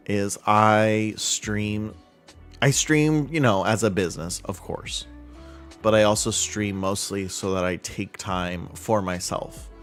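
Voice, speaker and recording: A man in his thirties chatting casually on a live stream, heartfelt and halting, with frequent fillers and restarts. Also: lowish voice.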